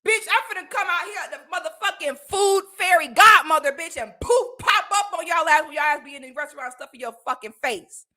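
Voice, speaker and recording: A young woman from Florida, rants through a livestream monologue. Her voice sits high and bright and leaps up and down. She talks loud and profane, with a lot of punch. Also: expressive, fairly quick, hardly any pauses. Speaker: streamer.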